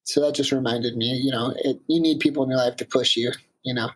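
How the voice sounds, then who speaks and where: A man in his thirties, a climber and guest, telling a story in a casual, animated and emphatic way. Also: mid-range voice, quick pace, rough recording. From Washington State, USA.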